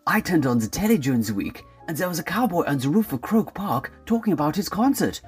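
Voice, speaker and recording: A man's voice: a little high, very animated, quick pace, music in the background. A man with a put-on German accent voicing a stiff, condescending German man. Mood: sardonic. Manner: dry, condescending.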